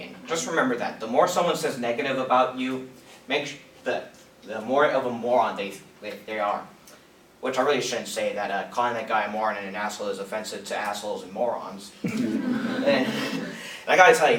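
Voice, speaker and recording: A man's voice: medium pitch, fairly quick, a bit bright, slight background noise. A young man doing stand-up at an open mic, rambling and self-mocking, often laughing at his own jokes. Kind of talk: stand-up comedy. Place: small room at an open mic. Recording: echoey room, mic at a distance.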